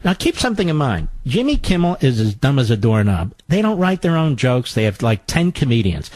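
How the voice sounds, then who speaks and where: A man hosting a political talk radio show, sarcastic, combative and mocking, with his pitch swinging widely for emphasis. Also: big pitch swings, a little fast, few pauses, a little mellow, no room sound.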